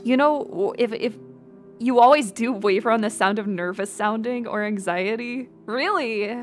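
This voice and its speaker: There's faint music behind this woman, a VTuber whose fairly high voice moves a little slowly. She chats casually and rambles, reading out names from chat, thanking viewers, cursing a lot and laughing plenty.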